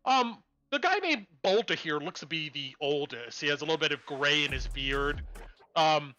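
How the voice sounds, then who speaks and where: A man's voice: a little high, animated, normal speed, pushed and bright. A man narrating as game master of a tabletop game, rambling with lots of likes and ums.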